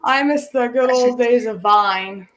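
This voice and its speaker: A woman's voice: on the high side, a little slow. A young woman from the United States co-hosting a podcast, frank and chatty, telling rambling anecdotes. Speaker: podcast co-host. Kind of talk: casual chat.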